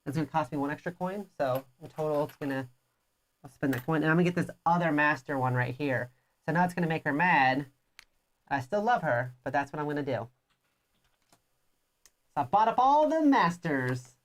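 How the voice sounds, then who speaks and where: Co-hosting a live board game show, this woman speaks briskly in a low-sitting voice. She ribs her opponent and goes over the rules in lengthy detail, all in casual conversation.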